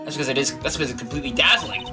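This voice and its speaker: A woman voicing a wry young male lawyer, speaking in a deadpan, sarcastic way. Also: a bass voice, rapid-fire. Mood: dry. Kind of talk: fan voice-over of a game. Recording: game music behind.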